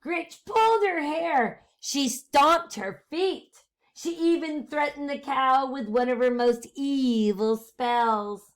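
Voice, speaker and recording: Slow, animated woman teacher reading aloud. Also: sits high. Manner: animated, asks the children questions, drops into hushed asides. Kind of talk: reading a picture book aloud to a class.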